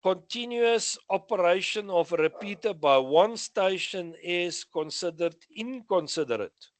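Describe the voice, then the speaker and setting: A man's voice: high voice, expressive, a little slow. A man with a South African accent going over radio exam questions, reading each question and then giving the answer with short asides. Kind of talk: exam revision lesson.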